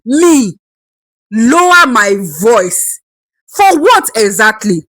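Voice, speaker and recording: A fierce older grandmother scolds and repeats herself for emphasis, as a woman storyteller puts her on. Her voice rides high and swings widely. The sound is close and dry. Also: big pitch swings, drawn-out words, a bit bright, dry recording, exaggerated voice. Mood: furious.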